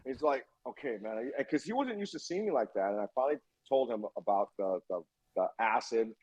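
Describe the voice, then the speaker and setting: On a low-quality recording, a man in his 50s with a mid-range, slightly rough voice talks fairly quickly. As a podcast guest he spins a story, animatedly performing quoted dialogue and swearing often.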